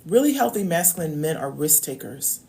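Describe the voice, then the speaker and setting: A woman's voice: low voice, very animated, normal speed, vocal fry, dark tone. A woman coach giving casual advice straight to her viewers, chatty and repeating key phrases, often checking in with "okay?". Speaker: love coach. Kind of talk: casual direct-to-camera advice talk.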